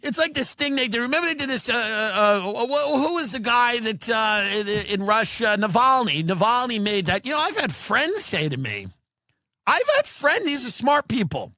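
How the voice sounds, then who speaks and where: Podcast host, man, incredulous comic ranter, bright and sharp tone, swooping pitch, dry close sound. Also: animated, normal speed, hardly any pauses, no room sound. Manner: incredulous, ranting, mocks others in put-on voices. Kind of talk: comedic rant.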